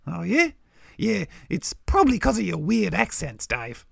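A man voicing a cheeky, know-it-all male Australian crow with a gravelly voice and brash, slangy talk. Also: sits high, huge pitch swings, unhurried, no room sound, studio quality, exaggerated voice. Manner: brash, teasing, drawled "mate" and "g'day" slang. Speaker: regular fact-telling puppet character.

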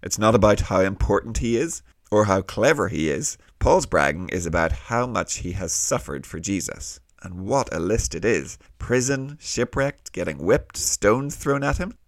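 A man's voice: fairly low pitch, expressive, moderate pace, vocal fry, few pauses, dry recording, studio quality. A man hosting a children's Bible lesson, explaining in a friendly way with questions. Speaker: host.

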